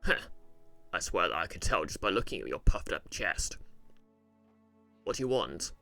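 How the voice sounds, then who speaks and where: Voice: low-pitched, very animated, moderate pace, bright, forceful tone, soft background music, pitched below the performer's own voice, heavily acted. A streamer voicing a grumpy, hungover male satyr who answers rudely and defiantly. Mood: surly. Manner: gruff, surly, dismissive. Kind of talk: voicing a game character on stream.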